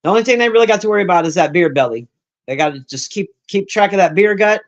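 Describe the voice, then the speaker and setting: Loud brash woman in her fifties. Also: medium pitch, expressive, fast, highs cut off. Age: 50s. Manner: loud, brash, profane, teasing and roasting. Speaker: livestreamer chatting with viewers. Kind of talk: casual live-stream chat. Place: her own room. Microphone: own desk mic.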